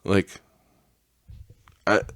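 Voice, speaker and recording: A young man hosting a solo podcast, ranting with heavy profanity and a voice that climbs higher as he gets worked up. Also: very slow, a bit bright, dry recording, studio quality. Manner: profane, heated rant that rises in pitch. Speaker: podcast host.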